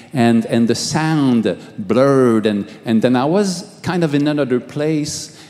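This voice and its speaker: Middle-aged male pastor, testimony sermon, halting and repetitive, slightly high voice, reverberant hall. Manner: halting, repeats words, swings from hushed to raised.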